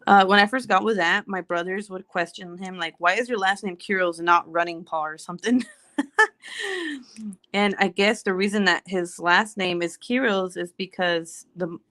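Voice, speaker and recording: A woman's voice: fairly low pitch, fairly even intonation, normal speed, fairly bright tone, dry recording. A woman in her thirties hosting a casual livestream chat while crafting, rambling and laughing through her stories. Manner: chatty, laughing, loose storytelling. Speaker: livestream host.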